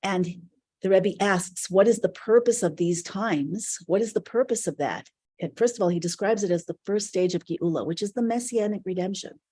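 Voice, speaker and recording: A woman's voice: mid-range voice, normal speed, dark tone, husky. A woman teaching a live online spiritual class, speaking earnestly in loose, flowing, reflective phrases.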